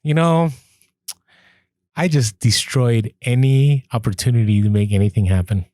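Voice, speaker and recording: Lively man telling a thrifting story. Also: mid-range voice, moderate pace, no room sound, studio quality. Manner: animated, laughs through stories, acts out quoted lines. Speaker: podcast co-host. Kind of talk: casual storytelling chat.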